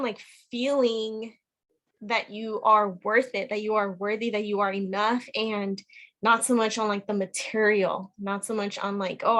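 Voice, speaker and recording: A woman's voice: medium pitch, fairly bright tone. A woman guest on a podcast call, sharing her personal story in a chatty, earnest way with lots of "like" fillers. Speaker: guest, program member. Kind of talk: casual personal testimony.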